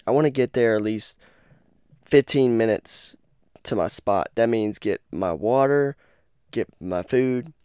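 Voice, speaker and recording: A man's voice: medium pitch, a little slow, a little mellow, smooth, no room sound, clean studio sound. A man rambling in a casual podcast while lying on his bed, swearing often and stumbling over his words. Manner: rambling, profane, frequently stutters and restarts. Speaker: podcast host. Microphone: headphones and corded mic.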